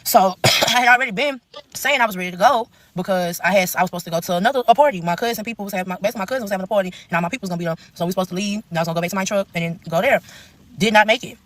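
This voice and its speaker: A woman's voice: mid-range voice, racing, a bit bright, no room sound. A young woman rattles off a storytime rant at breakneck speed, blunt and full of profanity. Her voice sits close and dry on a phone mic, with no room around it. Every thought spills straight into the next. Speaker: TikTok storyteller.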